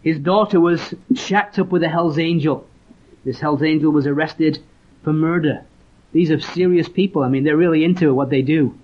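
Preacher, muffled recording. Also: male voice, on the high side, normal speed. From Leeds, northern England. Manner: earnest storytelling, reads scripture aloud. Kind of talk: sermon. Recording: dull lo-fi recording.

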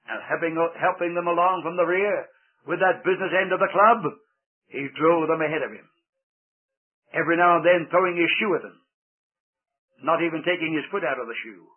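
A man's voice: a little high, moderate pace, long pauses, breathy edge. A man telling a story with dramatic narration and playful asides, heard through a tinny old radio broadcast.

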